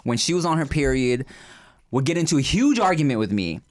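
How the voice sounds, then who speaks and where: A man's voice: medium pitch, very animated, brisk. A man co-hosting a casual podcast, blunt and teasing as he tells stories. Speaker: podcast co-host.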